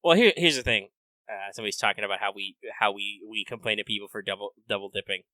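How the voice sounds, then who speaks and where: A man's voice: on the low side, fast talker, dry recording. A man co-hosting a casual gaming podcast, joking and ranting with plenty of profanity. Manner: animated, profane, joking rants. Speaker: podcast co-host.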